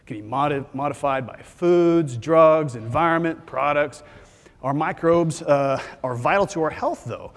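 This physician assistant from Texas speaks a little slowly in a fairly high voice, keeping his conference lecture joking, chatty and lively. The recording carries the reverb of a large hall.

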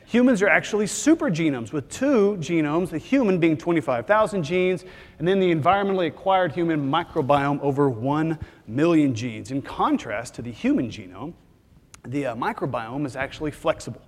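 In a large conference hall with noticeable reverb, a Texan physician assistant lectures with humor and an easygoing, animated style. His voice leans high and his pace is ordinary.

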